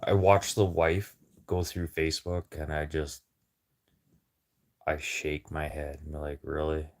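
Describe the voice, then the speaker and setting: A man's voice: very deep voice, fairly even intonation, slow. A man livestreaming a casual, rambling chat with viewers over a phone, talking in a blunt, profane way.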